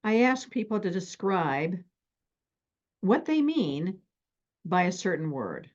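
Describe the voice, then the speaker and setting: A middle-aged woman therapist teaching relationship skills and acting out stories from her life in an animated, extroverted way. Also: on the low side, slow pace, highs cut off. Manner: animated, extroverted, acts out anecdotes.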